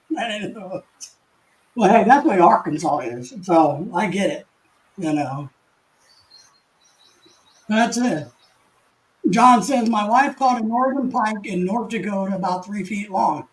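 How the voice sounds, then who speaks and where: Chatty older man with a high voice. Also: rough recording. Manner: folksy, chatty, frequent restarts and chuckles. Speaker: live stream host. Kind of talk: casual live stream chat reading comments.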